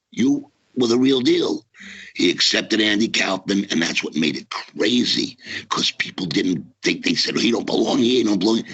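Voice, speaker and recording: A man's voice: sits low, bright, forceful tone, husky, no echo. A man, a wrestling manager, telling stories in a brash, emphatic way during a casual interview. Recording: dull lo-fi podcast audio.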